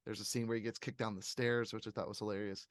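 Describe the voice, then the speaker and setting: A man hosting a podcast, chatting casually and reviewing a movie in a rambling, animated way, often laughing. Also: lowish voice, fast, dry recording, studio quality. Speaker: podcast host.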